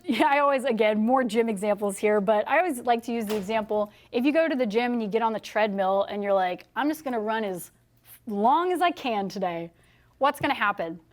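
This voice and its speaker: A young woman sales trainer giving a motivational speech to a live audience, animated and profane, laughing often and acting out the people she quotes. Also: fairly high pitch.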